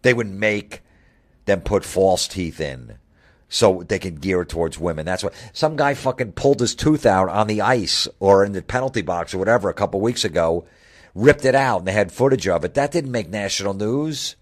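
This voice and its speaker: A radio host with a very low voice launches into a heated monologue. He swears freely and piles on sarcasm as he mocks the people he is ranting about. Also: lively intonation, moderate pace.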